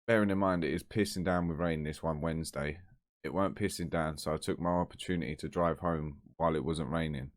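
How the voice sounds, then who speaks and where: A man's voice: a bass voice, fairly even intonation, fairly quick, dry recording, studio quality. A man telling a story to camera in a blunt, chatty, heavily sweary way. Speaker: vlogger.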